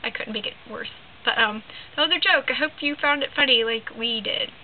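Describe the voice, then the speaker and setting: A teenage girl tells a long joke on her vlog, rambling and leaning heavily on "like" and "um." Her voice is fairly high and brisk, recorded with lo-fi, phone-like sound and faint hiss.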